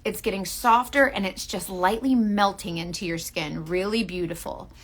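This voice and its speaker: A woman's voice: mid-range voice, moderate pace. A woman selling makeup on a live stream, chatty and earnest, talking straight to her viewers and often restarting her sentences. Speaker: makeup seller.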